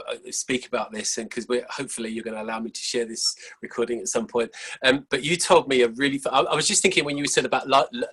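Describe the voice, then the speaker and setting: A man's voice: mid-range voice, a bit bright, breathy edge. A man interviewing a guest, rambling and friendly. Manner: friendly, rambling, quick to laugh. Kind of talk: conversational interview.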